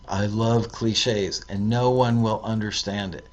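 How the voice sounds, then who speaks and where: A man's voice: lowish voice, flat delivery, slow pace, few pauses, darkish tone. A man hosting a show, reading out viewer tips in a casual way, with fillers and self-corrections. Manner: reads aloud with hesitant fillers and self-corrections.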